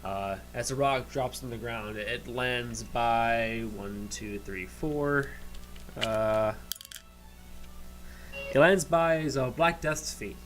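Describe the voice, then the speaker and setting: A man narrating as game master of a tabletop game, halting, with many restarts. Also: mid-range voice, soft background music, poor audio.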